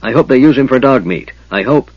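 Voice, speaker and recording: A man voicing a hot-tempered, grumpy old male dwarf in an audiobook, with a husky, raised voice. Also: mid-range voice, animated, a little fast, no room sound, highs cut off, pitched above the performer's own voice, lightly acted. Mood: furious. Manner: angry, raised, spluttering.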